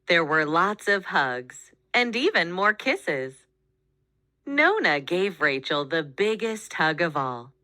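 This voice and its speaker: A woman reading a children's picture book aloud, with expressive, animated storytelling. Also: lowish voice, slow, no room sound, studio quality. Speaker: storybook reader.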